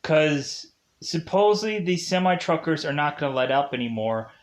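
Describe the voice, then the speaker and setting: A man's voice: a little high, animated, moderate pace. A young man casually recapping a movie's plot, rambling with lots of "like" and "uh" fillers. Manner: rambling, heavy use of "like" and "uh".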